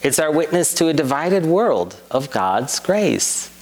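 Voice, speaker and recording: A man delivering a sermon as a priest, earnest and measured, repeating key lines for emphasis. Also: a little high, big pitch swings, low-quality recording. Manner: earnest, measured preaching with rhetorical repetition.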